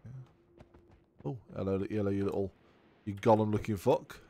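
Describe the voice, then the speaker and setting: A man giving casual let's play commentary while thinking aloud, excitable and swearing often. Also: fairly low pitch, moderate pace. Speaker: gaming video creator.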